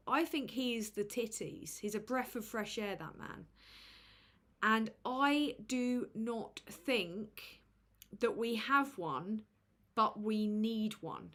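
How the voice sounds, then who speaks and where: A woman with a fairly bright, high-leaning voice hosts a casual livestream, reading out super chats and roasting people in a crude, sardonic way.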